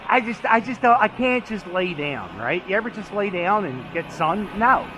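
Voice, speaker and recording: A man's voice: high voice, very animated, moderate pace, noisy background. A man rambling and joking as he walks his dog outdoors through city streets, filming as he goes. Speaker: vlog host walking his dog. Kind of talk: casual walking commentary.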